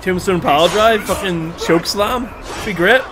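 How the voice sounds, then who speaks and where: Excitable high-voiced male streamer. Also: measured pace, music in the background. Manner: excitable, swears freely, shouts at the game. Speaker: livestreamer. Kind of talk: casual gameplay commentary.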